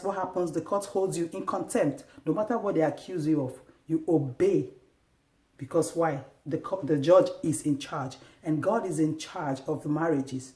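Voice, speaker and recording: A woman giving earnest, faith-based marriage advice to wives, exhorting them and acting out little home scenes. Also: deep voice. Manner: earnest and exhortative, acts out scenes with sharp raised outbursts. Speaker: Christian marriage advice vlogger. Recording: echoey room.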